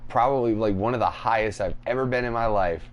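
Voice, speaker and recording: A man's voice: lowish voice, fast talker. A man co-hosting a podcast, telling crude stories in casual chat and acting out other people's voices. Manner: crude, animated, acts out voices in anecdotes. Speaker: podcast co-host.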